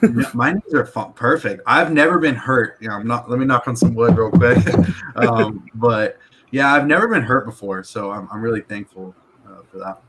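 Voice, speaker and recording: A man's voice: medium pitch, normal speed, background noise. A young man chatting casually as a guest on a live stream, laid-back and laughing, with lots of "dude" and "like". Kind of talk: casual chat.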